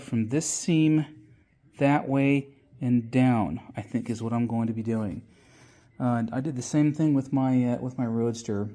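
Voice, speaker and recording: A man's voice: medium pitch, warm tone. A man giving a casual workshop walkthrough of his car restoration. He rambles with frequent fillers, swears casually, and sounds slightly winded after an illness.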